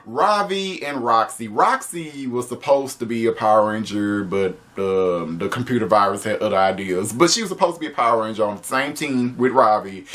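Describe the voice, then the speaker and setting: A man giving a casual spoken video review, animated and profane, often breaking into laughter. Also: medium pitch.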